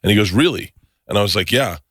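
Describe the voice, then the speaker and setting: A man's voice: lowish voice, very fast, a bit bright, no echo. A man in his forties co-hosting a podcast in casual chat, rambling with many restarts and swearing, recorded on a close studio mic. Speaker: podcast co-host.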